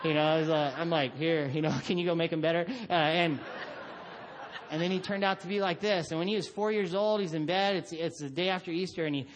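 Man, middle-aged, pastor, sermon, animated storyteller, acts out voices, slightly high voice. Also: brisk, slight background noise. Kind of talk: sermon with family stories.

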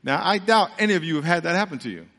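A pastor preaching a sermon. He tells the story dramatically and acts out the voices, then drops to a low, earnest hush. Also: expressive, very fast, gravelly. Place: large church sanctuary. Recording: church hall with long reverb.

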